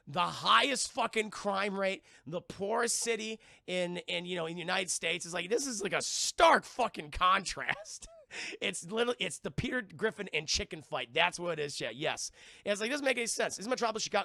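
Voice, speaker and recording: A man's voice: high voice, sing-song, brisk, creaky, sharp tone, no echo, studio quality. A man streaming a casual, profane scene-by-scene film recap and talking to his chat.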